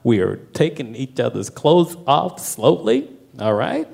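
A young man doing stand-up, telling a wild story with lots of profanity and animated delivery. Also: medium pitch, measured pace, gravelly. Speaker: stand-up comedian.

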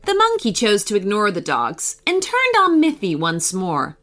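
A woman's voice: mid-range voice, wildly swooping pitch, measured pace, a bit bright, soft background music. A woman hosting a children's story podcast, narrating a storybook tale expressively.

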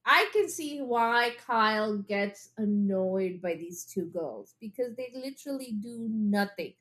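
A woman's voice: mid-range voice, lively intonation, measured pace, fairly bright tone. A woman in a casual podcast chat who chimes in often, agreeing and laughing along. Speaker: podcast co-host.

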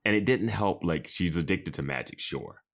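A man's voice: sits low, animated, moderate pace, vocal fry. A man co-hosting a podcast, giving sarcastic, opinionated commentary in casual chat. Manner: sarcastic, opinionated, trails off softly. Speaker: podcast co-host.

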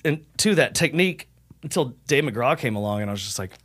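In a dry recording, a male metal singer appears as a podcast guest, speaking a little fast at medium pitch with lively intonation and a slightly bright tone. The chat is casual and rambling, full of swearing and acted-out quotes.

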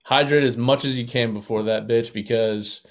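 Male podcast co-host, medium pitch, relaxed and halting casual chat.

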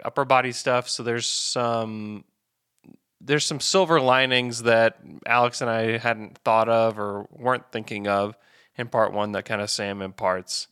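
A man's voice: on the low side, a bit bright, clear, resonant tone, no echo, studio quality. A man hosting a sports podcast, chatting casually with fillers and self-corrections. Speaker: podcast host.

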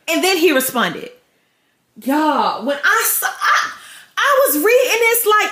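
Woman host, high bright voice, fervent devotional preacher, echoey room. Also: animated, unhurried. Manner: fervent, talks directly to listeners. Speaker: podcast host.

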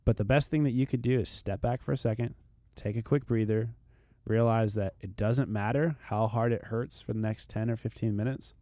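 A man with a warm, mid-range voice talks as a fitness expert in a podcast chat, his intonation fairly even and his speed normal. Earnest and motivational, he often repeats words when beginning a thought. The studio-quality recording has no echo.

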